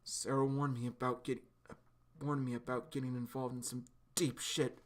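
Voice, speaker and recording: A man voicing a frantic, defiant young man who shouts in desperation. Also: mid-range voice, little pitch movement, moderate pace, close to an everyday voice. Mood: grim.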